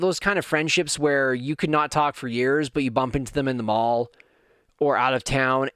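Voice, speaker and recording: A man's voice: a little high, fairly bright tone, clean tone, no room sound, clean studio sound. A man hosting a podcast, talking candidly and earnestly in a personal monologue that builds to fired-up moments. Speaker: podcast host.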